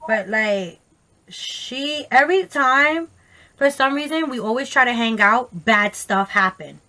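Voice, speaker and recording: A woman tells a story to her camera in a casual, animated, profane way, full of slang and quoted voices. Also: fairly high pitch, unhurried. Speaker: vlogger.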